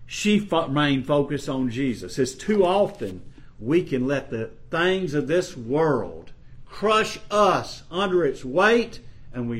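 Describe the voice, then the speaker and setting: Slow, earnest male preacher. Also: mid-range voice. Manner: slow, earnest, rising to emphasis on scripture quotes. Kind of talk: sermon.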